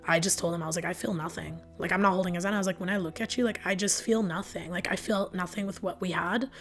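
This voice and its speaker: A young woman, a podcast guest, telling a personal story with lots of fillers and quoted back-and-forth, emotional and animated. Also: lowish voice, quick pace, faint music behind. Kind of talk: candid storytelling.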